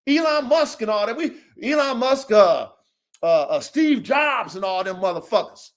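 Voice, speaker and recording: A man hosting a dog podcast livestream, ranting in a confrontational, profane way, swinging from low muttering to raised shouting. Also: expressive, moderate pace. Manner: confrontational, profane, repeats "OG" often. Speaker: podcast host and dog breeder. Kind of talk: heated livestream rant. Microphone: livestream mic.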